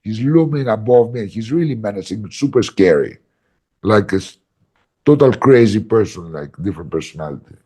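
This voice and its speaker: A man facilitating ayahuasca workshops, telling a story in a casual podcast chat, animated and emphatic with lots of "like" fillers. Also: fairly low pitch, moderate pace, husky.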